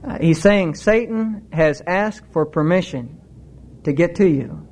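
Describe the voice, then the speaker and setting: A middle-aged male preacher with a notably high voice delivers his sermon with earnest conviction. His pitch climbs further when a thought excites him, and he moves between teaching and heartfelt emphasis. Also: measured pace.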